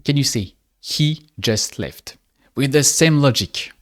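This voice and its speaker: A man teaching spoken in a guided speaking lesson, patient and deliberate, drawing out each example phrase. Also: medium pitch, lively intonation. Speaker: French teacher.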